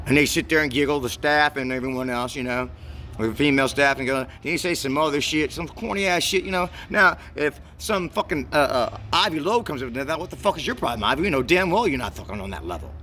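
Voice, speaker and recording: A man's voice: medium pitch, expressive, fast talker, bright, forceful tone, slight background noise. A man telling a long, meandering story to the camera in a profane, rambling way, often stumbling and repeating words as he searches for what to say. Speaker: vlogger.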